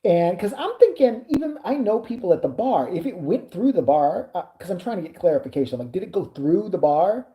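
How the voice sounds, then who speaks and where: A woman vlogger telling a story to camera, animated and full of swearing. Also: lowish voice, a little fast, few pauses, echoey room. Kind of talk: storytime anecdote.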